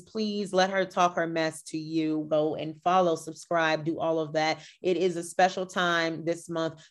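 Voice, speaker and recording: A woman hosting a podcast, chatting casually and gossiping with lots of energy. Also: fairly low pitch. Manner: animated, gossipy, shifts into mock voices. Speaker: podcast host. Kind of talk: casual chat.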